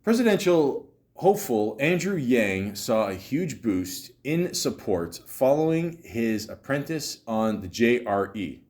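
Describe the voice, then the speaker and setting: A man's voice: mid-range voice, big pitch swings, measured pace, a little mellow. A young man from Canada hosting a podcast, reading out a list and breaking off into rambling, self-mocking asides with plenty of swearing. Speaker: podcast host. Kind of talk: casual commentary reading a list aloud.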